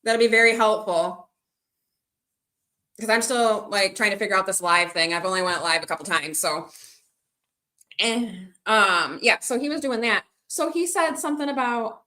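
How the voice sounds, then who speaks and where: Woman streamer, middle pitch, bright and forceful tone, rambling casual chat with her viewers. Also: moderate pace. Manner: chatty, rambling, reads out and answers viewer comments. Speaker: livestreaming vlogger.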